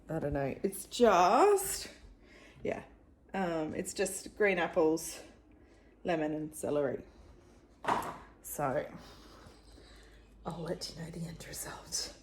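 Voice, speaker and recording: A woman's voice: lowish voice, a little hiss or hum. A woman in her thirties chatting casually to camera as a vlogger, rambling along with frequent little laughs. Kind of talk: casual vlog chat.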